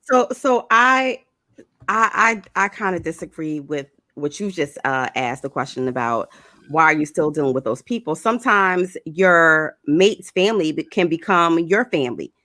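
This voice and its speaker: A woman's voice: low voice, expressive, moderate pace, bright, forceful tone, no echo. A woman co-hosting a casual talk show, teasing the others with playful questions. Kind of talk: casual chat.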